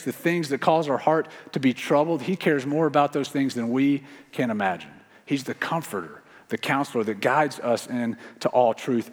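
A male pastor preaching a sermon in an earnest, slow way, repeating key phrases. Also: medium pitch. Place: church sanctuary. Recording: long reverb of a large hall.

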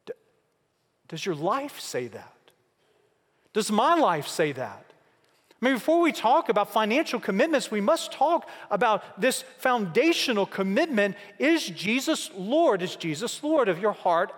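A man preaching a sermon, building through repeated rhetorical questions and slow, emphatic pauses. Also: high-pitched, big pitch swings, fairly bright tone. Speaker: pastor. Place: church sanctuary. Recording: long hall reverb.

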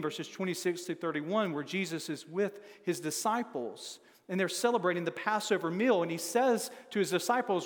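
A man preaching a sermon, reading scripture with dramatic shifts in emphasis. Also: fairly high pitch. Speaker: pastor. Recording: long hall reverb.

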